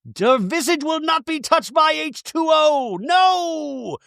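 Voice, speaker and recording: A man putting on a grandiose, mock-holy woman in a drawn-out falsetto as a comedy impression. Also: animated, gravelly, a bit bright, dry recording, studio quality, heavily acted.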